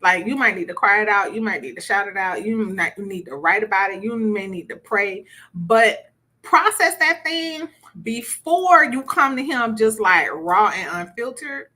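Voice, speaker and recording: A woman's voice: mid-range voice, expressive, normal speed, bright, forceful tone. A woman teaching a conversational relationship workshop, chatty and repeating words for emphasis. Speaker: relationship coach.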